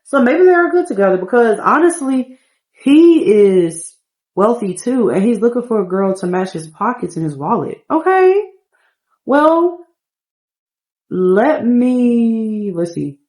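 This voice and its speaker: A woman's voice: a little high, very animated, unhurried, a little mellow. A young woman chats through her gameplay, talking to viewers in a loose, casual way. She tosses in exasperated asides when the game won't behave. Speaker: game streamer.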